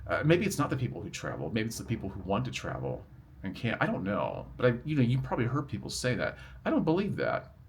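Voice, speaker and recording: A middle-aged man with a deep, low voice chats to his camera outdoors, drifting from one story to the next in a relaxed, rambling way. Faint traffic noise sits behind him. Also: quick pace, vocal fry. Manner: chatty, rambling and good-humored. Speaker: vlogger. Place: outdoors near a road.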